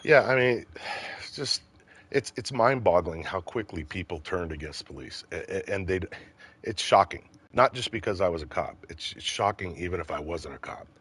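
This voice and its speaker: Low husky-voiced man telling a story. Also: moderate pace. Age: middle-aged. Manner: profane, animated storyteller. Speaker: former police officer telling a story. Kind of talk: casual storytelling chat.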